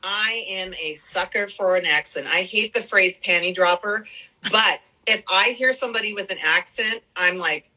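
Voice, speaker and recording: A woman's voice: medium pitch, normal speed, sharp tone, rough recording. A woman in her forties chatting casually on a podcast, gushing and enthusiastic, often repeating herself. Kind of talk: casual chat.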